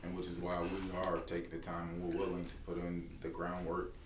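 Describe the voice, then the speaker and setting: A man with a very deep, flat voice speaking encouragingly, as if in easy conversation. The room is echoey, and clear background noise sits behind him. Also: fairly quick. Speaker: advocacy group member.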